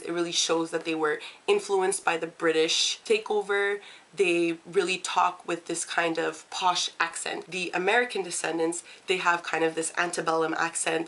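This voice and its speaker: A woman's voice: fairly low pitch, a bit bright. A young woman reviewing books in a casual vlog, enthusiastic and full of fillers. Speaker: book vlogger.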